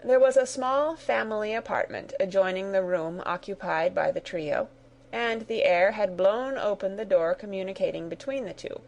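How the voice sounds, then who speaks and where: A woman narrating a graded reader story in a steady, clear storytelling manner. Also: medium pitch, normal speed, dull audio.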